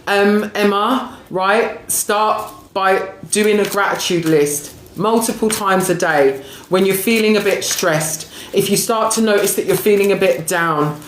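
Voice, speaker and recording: A woman's voice: mid-range voice, a little slow, few pauses. A woman giving a live-streamed oracle reading, affectionate, calling viewers darling and sweetie, often asking "right?" and laughing as she talks. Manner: laughs often while talking. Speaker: spiritual reader and coach. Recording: echoey room with faint background noise.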